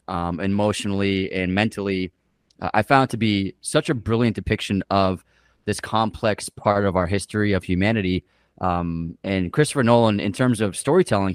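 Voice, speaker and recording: A man's voice: fairly low pitch, smooth, dry recording, studio quality. A man hosting a podcast, chatting casually and with enthusiasm about his favorite films. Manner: enthusiastic, loose, with filler words. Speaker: podcast host. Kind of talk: casual movie review chat.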